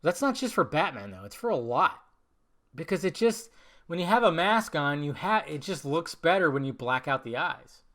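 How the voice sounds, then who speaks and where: A man hosting a podcast, answering viewer questions in a casual live chat with profane, animated rants. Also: fairly high pitch, normal speed. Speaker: podcast host.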